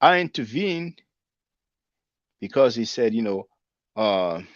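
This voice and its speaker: A man in his forties with a lowish voice hosts his channel, reading out viewer comments and answering them in loose, conversational commentary. The sound is dry and a little dull, with no room echo. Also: big pitch swings, a little slow, pauses often. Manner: conversational, spells words out, laughs at comments. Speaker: channel host reading live chat.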